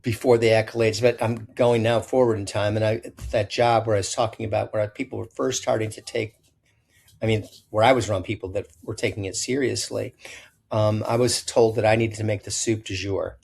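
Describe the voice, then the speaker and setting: Older chef telling rambling stories. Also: male voice, on the low side, a little fast, creaky. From Illinois. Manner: rambling, self-correcting anecdotes with animated quoted voices. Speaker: chef guest. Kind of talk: storytelling interview.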